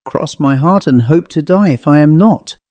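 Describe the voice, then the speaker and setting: A boastful young office clerk, played by a male reader, spinning a tall tale in a sly, teasing voice pitched a little above the narration. The tone is mellow and warm, recorded close and dry. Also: moderate pace, dry recording, natural voice.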